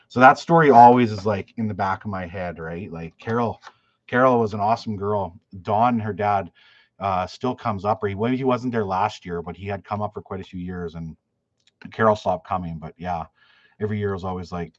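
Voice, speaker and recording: Speaking at a moderate pace, a low-voiced, chatty fishing guide and YouTuber hosts a live chat and works through viewer questions. His storytelling wanders, packed with restarts and "like." There's no echo in the dull, dry, lo-fi recording.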